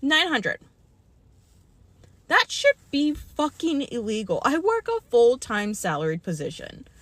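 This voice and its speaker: High, animated woman venting angrily. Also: measured pace, dry recording. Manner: heated, profane venting. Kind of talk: angry vlog rant.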